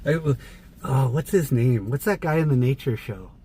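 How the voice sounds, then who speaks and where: A man's voice: mid-range voice, lively intonation, moderate pace, warm tone. A man hosting a livestream, chatting casually from inside a car while he drives. He is chatty, laughs often and thanks viewers by name. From Canada. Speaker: livestream host. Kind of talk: casual chat while driving. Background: faint car noise.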